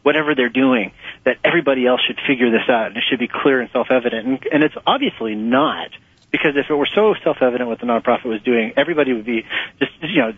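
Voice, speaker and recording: A man guest talking through his ideas in an interview, animated and laughing often as he acts out quotes. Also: mid-range voice, fast talker, dry recording. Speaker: author and nonprofit fundraising guest. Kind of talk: conversational interview answers. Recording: muffled phone-line audio.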